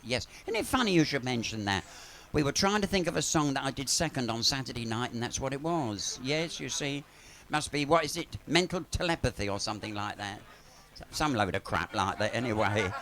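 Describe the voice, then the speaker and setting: A man's voice: a little high, pushed and bright. A man doing drag comedy on a pub stage, telling bawdy, camp stories and laughing at his own jokes into a stage mic. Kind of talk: live comic storytelling. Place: pub stage, live audience. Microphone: handheld stage mic via sound desk.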